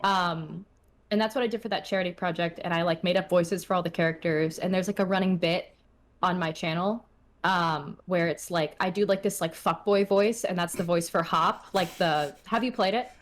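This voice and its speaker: A woman's voice: lowish voice, fairly even intonation, normal speed. A young adult woman chatting casually as an interview guest, full of filler words and self-deprecating asides. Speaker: guest, streamer.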